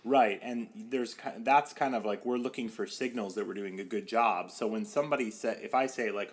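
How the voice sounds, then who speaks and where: A young man with a fairly low voice talks through his work as a counselor in a relaxed podcast chat. He leans on "like" and "you know" all the time. Now and then he acts out the voices he quotes. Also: brisk, hardly any pauses, slightly rough. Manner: chatty, many "like" fillers, acts out quoted voices. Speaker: podcast guest, psychotherapist. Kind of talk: casual podcast conversation.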